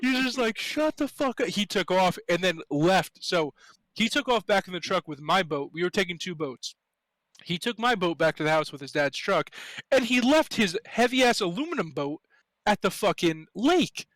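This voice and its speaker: A man's voice: high-pitched, lively intonation, moderate pace, fairly bright tone, dry recording, low-quality recording. A young man co-hosting a podcast, telling stories with lots of swearing and laughter. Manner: profane, laughing storyteller. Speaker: podcast co-host. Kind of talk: casual storytelling chat.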